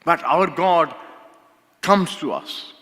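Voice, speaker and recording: A man from India preaching a sermon as pastor, slow and emphatic, repeating key phrases for weight. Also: a little high, sing-song, fairly bright tone. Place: church sanctuary. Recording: long hall reverb.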